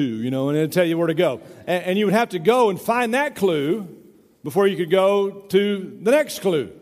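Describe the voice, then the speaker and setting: A man's voice: high voice, lively intonation, moderate pace, a little mellow, long reverb tail. A middle-aged man preaching a folksy, conversational sermon, often saying "you know," in a church. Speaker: pastor.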